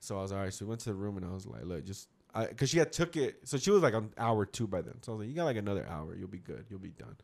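A man's voice: on the low side, animated, racing, gravelly, hardly any pauses, a little mellow. A man telling a rambling, slangy story in a casual chat with friends. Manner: rambling, slangy, quotes others mid-story.

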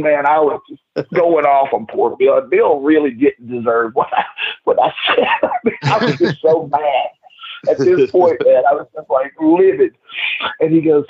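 A man's voice: fairly high pitch, moderate pace, breathy edge. A man telling rowdy stories as a podcast guest, swearing freely and acting out quotes, over a tinny call line. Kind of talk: casual storytelling.

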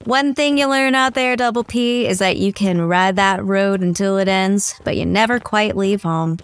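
An actress playing a sardonic, cocky young wasteland drifter in an audio drama. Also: female voice, medium pitch, normal speed, clear, resonant tone, lightly acted.

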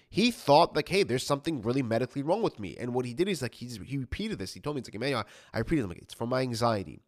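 Thirties male anxiety coach, solo podcast, earnest and animated, slightly high-pitched. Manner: earnest, animated, acts out inner thoughts, says "like" a lot. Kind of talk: podcast monologue.

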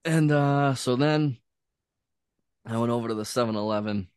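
A man's voice: medium pitch, normal speed, a little mellow, clear, resonant tone, dry recording, clean studio sound. A man telling a laid-back story as a podcast host, swearing often and filling his talk with "like" and "dude". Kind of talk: casual storytelling chat.

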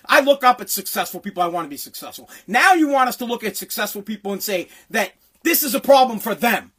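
A man ranting angrily, swearing constantly and often breaking into shouts. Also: very high voice, animated, brisk, breathy edge. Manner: profane, heated, often shouting. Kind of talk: angry political rant.

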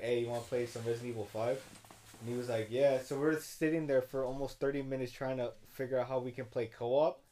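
A young man with a mid-pitched voice tells a drunk story. He rambles and swears, with many restarts, as a podcast co-host chatting with friends. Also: slight background noise. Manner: rambling and profane, restarts a lot, gets loud when excited. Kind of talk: casual chat, storytelling.

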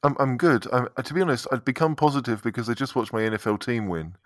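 A man's voice: medium pitch, expressive, fast, no echo. A man joins a casual football podcast as a regular panelist, talking through the match thoughtfully with frequent restarts. The sound is dry and close. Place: Vienna.

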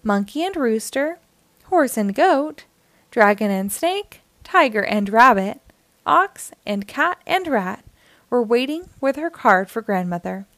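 Slow, expressive woman reading a kids' story. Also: fairly high pitch, dry recording. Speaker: storytime host. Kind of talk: reading a picture book aloud to children.

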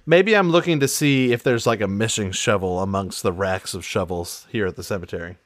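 A man playing in a tabletop role-play, narrating in a relaxed, joking way. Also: fairly low pitch, fairly quick, dry recording, studio quality. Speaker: tabletop player.

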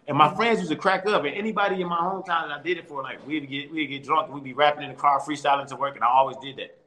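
Fast-talking, bright-voiced comedian on a call. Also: male voice, on the high side. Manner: animated, laughing often, quick restarts. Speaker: comedian guest. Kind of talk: casual storytelling interview. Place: at home.

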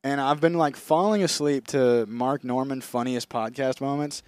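A man's voice: mid-range voice, normal speed, a little mellow, clear, resonant tone, no echo. A young man co-hosting a podcast, rambling and crude in casual chat. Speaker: podcast co-host.

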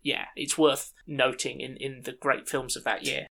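A man co-hosting a podcast in casual chat, measured and thoughtful. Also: mid-range voice, flat delivery, creaky, pushed and bright. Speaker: podcast co-host.

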